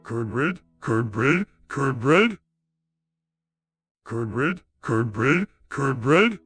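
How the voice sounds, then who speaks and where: A synthetic male voice imitating a dim-witted cartoon starfish that talks slowly and repeats himself. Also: medium pitch, expressive, a bit bright, husky, no echo, soft background music, full character voice. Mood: chanting. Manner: slow, repetitive chanting.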